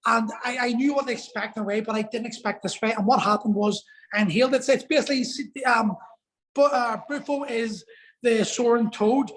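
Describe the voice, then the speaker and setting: A man's voice: extremely high pitch, fairly even intonation, brisk, a bit bright, rough recording. A man telling a personal story as a podcast guest, earnest and emotional, swearing for emphasis.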